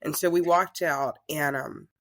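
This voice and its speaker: Woman, talk show host type, guest spinning a lively story in a casual chat. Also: low voice, measured pace. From Southern United States. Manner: chatty, animated storyteller.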